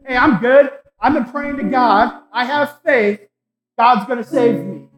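A man's voice: very high-pitched, measured pace, reverberant, faint music behind, rough recording. A preacher acting out a desperate man stuck on a flooded roof, who pleads and stubbornly insists on his faith. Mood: insistent.

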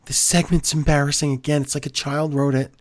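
A man's voice: fairly high pitch, flat delivery, a little fast. A man co-hosting a wrestling podcast, recapping the show in a sarcastic, exasperated way. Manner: sarcastic, exasperated, mocks the booking with put-on quotes. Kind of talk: casual podcast chat.

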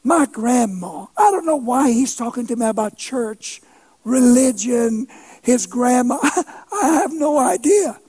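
A man with a strikingly high voice preaches a sermon through a story. He is animated and funny, and often swells into shouts to drive a point home. He pokes fun at himself as he goes. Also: a little slow, breathy edge. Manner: animated, shouts for emphasis, playful self-mocking humor.

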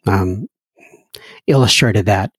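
A man's voice: lowish voice, takes it slowly, fairly bright tone, slightly rough, dry recording, clean studio sound. A man hosting a podcast interview, speaking hesitantly with many fillers. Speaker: podcast host.

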